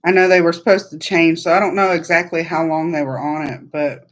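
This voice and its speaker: A woman hosting a casual livestream chat, telling meandering, chatty stories. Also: low voice. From Southern United States. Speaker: podcast host.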